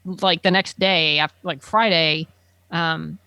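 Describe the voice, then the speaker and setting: A woman's voice: fairly low pitch, steady tone, slow pace, bright, forceful tone, smooth, dry recording. A woman chatting casually, telling an enthusiastic story full of fillers like "um" and "like". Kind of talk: casual chat.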